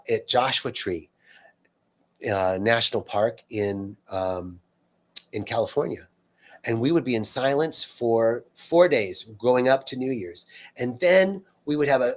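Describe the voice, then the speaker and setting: A man hosting a live-streamed spiritual talk, speaking earnestly and unscripted, repeating words for emphasis and reading out viewer comments. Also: mid-range voice. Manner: loose and unscripted, frequent fillers and restarts.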